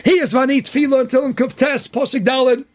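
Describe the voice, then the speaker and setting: A man giving an impassioned Torah sermon as a rabbi, often shouting and firing off rhetorical questions, with Hebrew and Yiddish terms mixed into his English. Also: extremely high pitch, fairly even intonation, fast.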